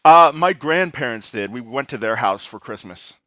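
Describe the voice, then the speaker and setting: A man chatting casually on a podcast, telling stories in a relaxed way with lots of fillers. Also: mid-range voice, normal speed, no room sound, studio quality. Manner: relaxed storytelling, many fillers. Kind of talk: casual chat.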